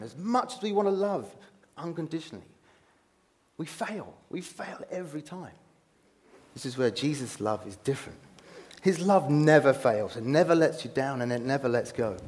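A man preaching to a small gathered audience in a relaxed, conversational way. His voice sits a little on the high side for a man, and he breaks into easy laughter and jokes at his own expense as he tells stories. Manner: chatty, self-deprecating, laughs often. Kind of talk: informal sermon. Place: room with an audience.

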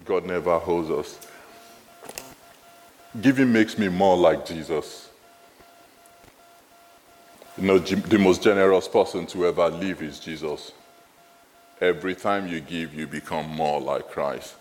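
A man with a Nigerian accent preaching a sermon in a church, lively and animated, often repeating his phrases. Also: unhurried, in a large hall, soft background music. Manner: lively, animated, repeats phrases, rises high when excited.

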